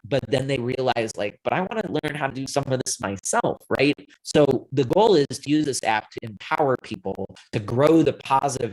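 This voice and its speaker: A man who is a guest on a panel discussion, explaining his app in a measured, step-by-step way. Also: mid-range voice, rough recording.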